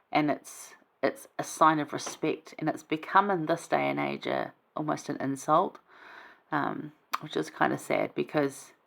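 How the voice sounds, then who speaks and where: Low, gravelly woman explaining scripture. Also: a bit bright. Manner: chatty, informal, reads verses then explains them. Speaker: Bible study vlogger. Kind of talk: casual scripture commentary.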